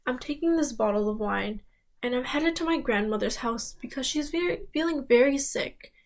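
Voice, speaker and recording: Woman doing a sweet naive little girl, high and eager, bit creaky. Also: lively intonation, normal speed. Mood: cheerful. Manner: bright, eager, trusting. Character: Little Red, cheerful naive young girl.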